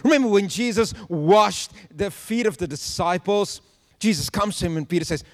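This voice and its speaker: Man preaching with a lively, laughing delivery. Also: high voice, normal speed, big-room sound. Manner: animated preaching with humor and laughs. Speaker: pastor. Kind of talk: sermon.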